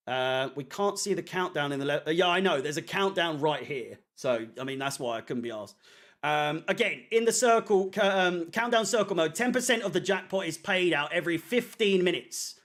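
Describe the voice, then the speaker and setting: A fan channel host reads comments to a live chat during a watchalong, loose and rambling with plenty of ums. His voice sits a little high for a man and is a bit bright, at normal speed. He swears offhandedly as he chats.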